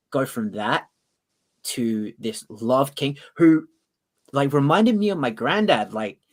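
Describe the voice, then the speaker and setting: This podcast co-host speaks in a mid-range voice during a casual debate, firing off excited quick bursts with restarts. He swears and performs the scenes he quotes.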